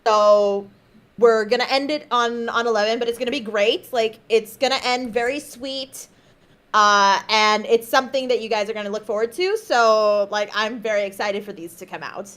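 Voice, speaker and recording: A high-pitched woman chats casually on a livestream, breaking into giggles between sentences. She sounds reassuring and teasing toward her co-host. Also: steady tone, moderate pace, fairly bright tone. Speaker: stream co-host.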